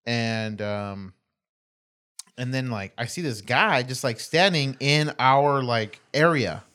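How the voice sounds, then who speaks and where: A man's voice: mid-range voice, slow pace, bright, forceful tone. Swearing man telling a bar story. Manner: swears freely, laughs mid-story, rambling with fillers. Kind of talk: casual storytelling chat.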